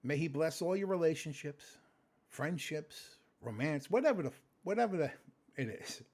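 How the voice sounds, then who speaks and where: A man talking casually in a late-night vlog, exhausted and sleepy, animated and rambling with plenty of swearing. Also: a little high, moderate pace. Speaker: vlogger, customer service phone agent.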